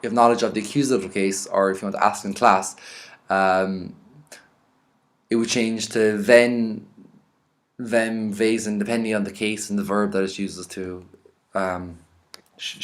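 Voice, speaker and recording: An Irish man teaching a vocabulary lesson, reading each word out and then explaining it in a relaxed, chatty way. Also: lowish voice, measured pace, pauses often. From Ireland. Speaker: language teacher.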